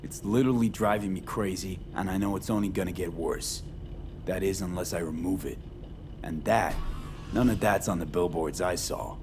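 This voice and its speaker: A man's voice: low-pitched, normal speed, music in the background, close to an everyday voice. An actor playing a blunt, sarcastic male mercenary in a video game. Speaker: game protagonist.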